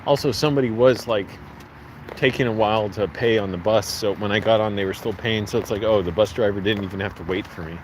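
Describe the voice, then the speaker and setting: Walking through the streets with a handheld camera, a vlogger with a fairly low voice rambles quickly. Passing cars and outdoor street sounds are plainly audible behind him.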